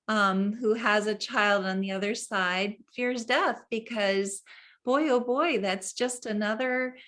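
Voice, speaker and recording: A woman hosting an online meeting who talks in a warm, encouraging way. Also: a little high. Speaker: host.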